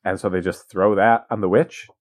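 A man's voice: deep voice, fairly even intonation, moderate pace, no room sound. A man co-hosting a podcast, recapping a movie in a rambling, wry casual chat. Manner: rambling, wry, acts out quotes. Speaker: podcast co-host.

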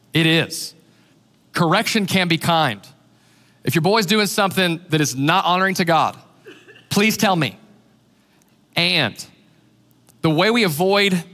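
A man preaching a sermon as pastor, animated and acting out the voices he quotes. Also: high voice, long reverb tail.

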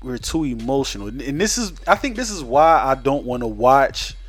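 A man's voice: mid-range voice, lively intonation, moderate pace, breathy edge. A man in casual chat who speaks reflectively and repeats words as he starts a thought.

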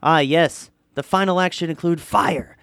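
A man doing a crazed grown man who fancies himself a stage magician, a shouting, theatrical showman with a voice pitched a bit higher than usual. The sound is dry and close. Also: normal speed, gravelly, no room sound. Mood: manic showman. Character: manic adult man playing stage magician.

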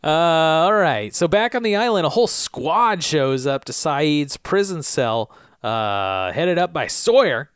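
A man's voice: on the high side, smooth, no echo, clean studio sound. A man co-hosting a podcast, recapping TV episodes in casual chat and joking as he slips into character voices. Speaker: podcast co-host.

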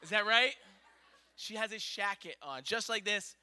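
A man in his thirties telling a long personal story in a sermon, rambling and animated, full of fillers. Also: sits high, moderate pace, clean tone.

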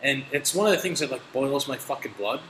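A young man hosting a casual chat, telling animated stories with plenty of swearing. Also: medium pitch, fairly quick. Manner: animated storytelling, heavy swearing. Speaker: podcast host. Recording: echoey room, faint noise.

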